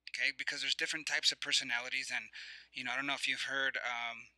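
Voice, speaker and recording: Fast and sharp, with a medium pitch that barely moves, a man coaches listeners through reflective questions and breathing cues in a motivational talk. He repeats himself conversationally, restarting often and using many fillers, on poor, echo-free audio.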